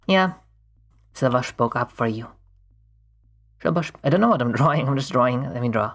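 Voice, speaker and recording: A woman's voice: extremely low pitch, expressive, moderate pace, pauses often. A woman streaming while she draws, chatting casually with viewers in a playful, goofy way and often laughing. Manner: playful and goofy, breaks into laughs and silly voices. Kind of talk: casual livestream chat while drawing.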